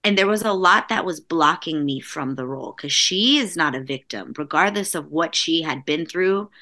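A woman's voice: deep voice, normal speed. A woman actress, a guest in an interview, telling emotional stories and voicing the people in them. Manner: animated, voices other people in her stories.

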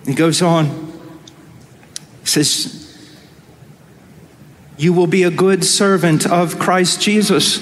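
A man's voice: sits high, fairly even intonation, slight background noise. Impassioned male preacher in a hall. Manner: impassioned, swinging from hushed slow lines to loud cries. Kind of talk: conference sermon. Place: conference hall. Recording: large hall with long reverb and faint ambience.

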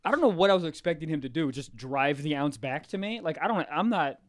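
Animated young man telling a story. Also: a little high, fast, no room sound. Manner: animated storyteller, laughs often, acts out quotes. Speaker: podcast co-host. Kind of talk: casual storytelling chat.

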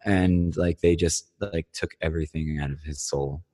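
A man's voice: rumbling low, steady tone, moderate pace, mellow. A man, a touring band musician, telling stories in casual chat, rambling and full of "like" and swearing.

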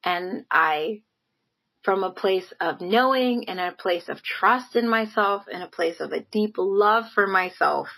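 A woman's voice: mid-range voice, a little slow, vocal fry, fairly bright tone, rough recording. Earnest woman giving a motivational talk. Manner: earnest and encouraging, with frequent "like" and "right?"; laughs lightly between phrases. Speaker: motivational speaker. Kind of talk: motivational monologue to camera.

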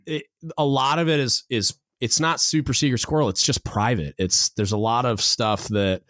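A male podcast host telling a story in a relaxed way, with fillers, dropping lower when he quotes others. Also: moderate pace, dry recording, clean studio sound. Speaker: podcast host, Navy chief. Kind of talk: casual chat.

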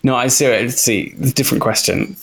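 A man with an Australian accent, a guest on a podcast, explaining things in relaxed casual chat. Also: mid-range voice, normal speed, gravelly.

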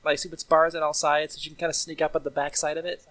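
A man's voice: a little high, level tone, rapid-fire, fairly bright tone. A man playing a tabletop game, tentative, thinking aloud with fillers. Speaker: player. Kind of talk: casual tabletop play.

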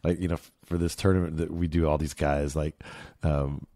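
A man talking casually on a podcast in a relaxed, rambling way. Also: rumbling low, normal speed, no echo, studio quality. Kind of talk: casual chat.

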